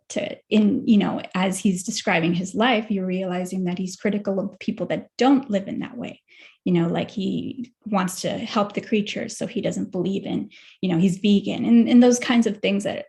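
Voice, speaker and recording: A woman's voice: medium pitch, a little mellow. A woman in a meditation group on a video call, retelling a story in a chatty, hesitant way. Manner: chatty, hesitant, many fillers. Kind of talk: casual storytelling.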